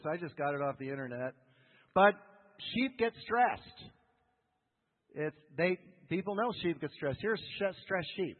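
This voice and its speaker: A man preaching a sermon as a pastor, animated, often asking his listeners questions. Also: fairly high pitch, normal speed. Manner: animated, asks the congregation questions. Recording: phone-like sound with long hall reverb.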